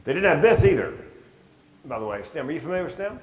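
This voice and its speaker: A man's voice: a little high, sing-song, fast talker, a little hiss or hum. A man in his sixties, a stand-up comedian, telling wry stories to an audience in a conversational way. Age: 60s. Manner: conversational, wry, acts out quoted voices. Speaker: stand-up comedian giving a talk. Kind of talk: storytelling talk with slides. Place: large hall with audience. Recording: echoey hall with long reverb.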